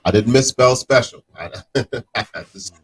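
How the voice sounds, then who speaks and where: A man co-hosting a casual chat show, animated, often repeating words and laughing. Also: medium pitch, a little slow, husky. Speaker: co-host.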